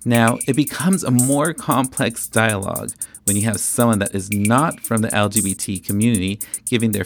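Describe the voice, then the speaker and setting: A man's voice: mid-range voice, creaky. A man hosting a podcast, talking through his opinions in a loose, rambling way, full of restarts and fillers. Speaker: podcast host. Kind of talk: casual opinionated chat.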